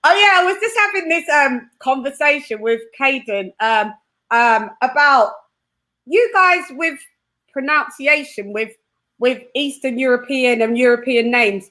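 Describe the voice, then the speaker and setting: A woman's voice: high voice, expressive, measured pace, bright, forceful tone. A woman from the United Kingdom hosting a live stream, bubbly and chatty, laughing often. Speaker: host. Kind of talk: casual live-stream chat.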